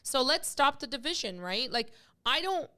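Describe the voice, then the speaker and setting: Very animated at a moderate pace, this middle-aged podcast host has a high-sitting voice that sounds pushed and bright. Her casual chatter is emotional, meandering, and packed with fillers.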